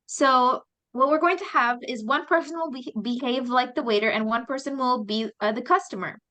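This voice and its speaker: A woman's voice: sits high, normal speed, sharp tone, highs cut off. A woman teaching English conversation practice, explaining patiently with fillers. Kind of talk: classroom instruction.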